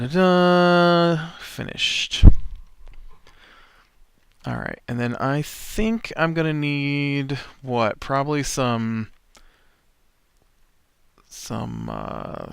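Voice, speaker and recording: A man chats through his gameplay in a smooth, clean voice of middling pitch. His talk wanders and fills up with uhs and false starts, with a dry wry humor. The recording is close and dry, with no room sound around him. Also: a bit bright, dry recording. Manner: rambling, full of uhs and restarts, wry. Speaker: let's play host. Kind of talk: casual storytelling while playing a game.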